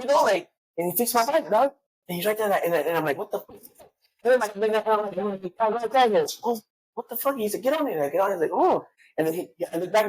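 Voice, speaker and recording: A woman's voice: on the low side, darkish tone, husky, low-quality recording. A woman telling stories in a casual chat, profane and acting out the voices of people she quotes.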